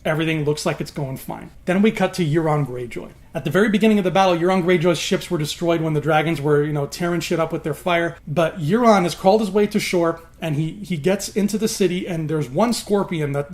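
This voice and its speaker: A man casually retelling a TV plot to his viewers, animated and swearing freely as he goes. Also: a little high, brisk, hardly any pauses. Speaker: YouTube host.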